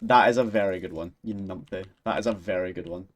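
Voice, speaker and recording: A man's voice: sits low, fast talker. Rambling sweary Scottish man. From Scotland. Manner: rambling, sweary, giggly, full of restarts. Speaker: live streamer. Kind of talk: casual chat with stream viewers.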